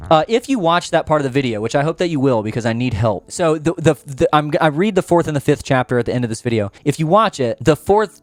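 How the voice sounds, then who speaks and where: A man's voice: a little high, dry recording. Rambling earnest man, dry close sound. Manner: rambly, frequent restarts and filler, earnest. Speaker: podcast host. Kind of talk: casual rambling monologue.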